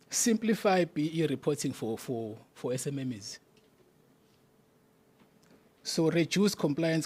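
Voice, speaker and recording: A man's voice: on the high side, darkish tone. Man from KwaZulu-Natal with a South African accent. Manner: slogan-chanting, mixes isiZulu into English. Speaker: provincial secretary. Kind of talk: conference address.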